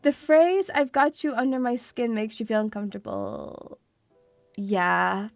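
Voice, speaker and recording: A woman's voice: a little high, expressive, measured pace, vocal fry, no room sound. A woman streaming casually to her viewers, chatty and self-mocking, swearing freely and laughing often as she talks through a quiz. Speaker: VTuber streamer. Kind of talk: casual live-stream chat.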